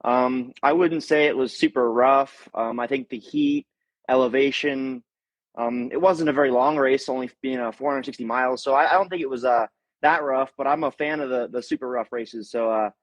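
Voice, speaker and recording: Male racer guest on a call, relaxed and modest, muffled lo-fi sound, very dry. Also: medium pitch, fairly quick, dry recording. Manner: laid-back, modest, filler-heavy. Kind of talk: casual interview chat. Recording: dull lo-fi call audio.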